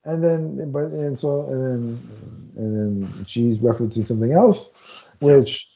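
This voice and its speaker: A man's voice: medium pitch, a little slow, vocal fry, mellow. A man co-hosting a casual chat podcast, retelling film scenes and acting out the characters' lines. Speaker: podcast co-host. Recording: dull lo-fi audio.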